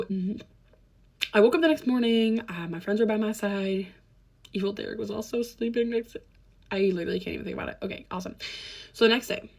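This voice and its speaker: A young woman speaks straight into her phone camera, telling a personal story in a candid, sarcastic way and laughing even when it gets heavy. Her voice sits at an ordinary middle pitch. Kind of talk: casual storytime vlog.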